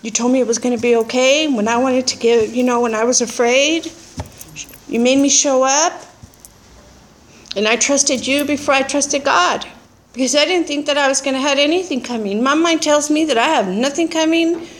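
High-voiced woman sharing her story. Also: normal speed. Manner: animated storytelling with frequent laughter; blunt and earthy. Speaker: speaker sharing at a recovery meeting. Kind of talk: personal testimony.

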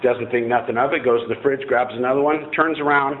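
A man recounts a personal story to a listening audience, blunt and profane and quick to poke fun at himself. His voice sits at an ordinary mid pitch. It arrives thin and phone-like, with a faint hiss underneath. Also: fairly even intonation. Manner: blunt, self-mocking, profane. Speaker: former Marine telling his story. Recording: tinny phone-like line, faint noise.

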